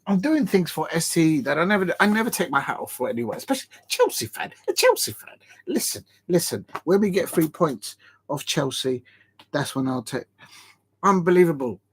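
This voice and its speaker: On a live football watch-along stream, a man chats in a slightly high, husky voice with lively intonation and a brisk pace. He rambles and laughs between attempts at headers, sounding tired and out of breath.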